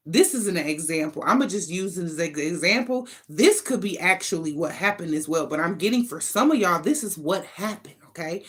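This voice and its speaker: Woman, card reader, casual spiritual monologue; blunt, profane, sassy delivery. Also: fairly low pitch. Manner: thinks aloud between short bursts.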